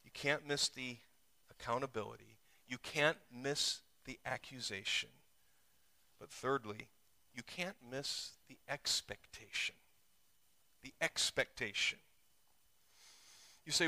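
Bright-voiced man preaching with rising intensity. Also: slow, gravelly, pauses often. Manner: preaching with sudden surges in pitch and volume. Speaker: pastor. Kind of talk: sermon. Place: church.

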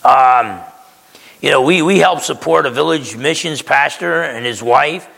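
Gravelly man preaching in a hall. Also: on the high side, a little slow, fairly bright tone. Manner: conversational, emphatic preaching with frequent "okay?". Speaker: pastor. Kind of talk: sermon.

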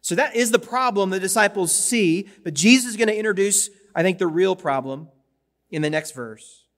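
A man preaches with a high-pitched voice, talking like he is chatting with his congregation, repeating words as he goes. A long reverb trails each phrase, like a large sanctuary. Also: normal speed, a bit bright. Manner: conversational, with repetitions and asides to the congregation. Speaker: pastor. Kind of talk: sermon.

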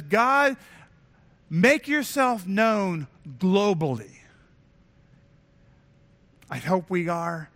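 A pastor preaches in a church. His voice sits high for a man and sounds bright and forceful. He talks earnestly and conversationally, often doubling back on his words. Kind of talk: sermon. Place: church sanctuary.

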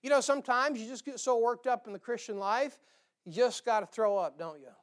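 A man's voice: extremely high pitch, brisk. A man preaching a sermon in a folksy, emphatic way, with joking asides.

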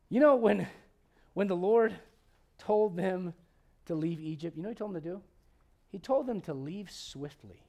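A pastor preaching a conversational sermon, joking, asking the congregation questions, and swinging between loud emphatic lines and quiet asides. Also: male voice, sits high, animated, normal speed. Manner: humorous, asks the congregation questions.

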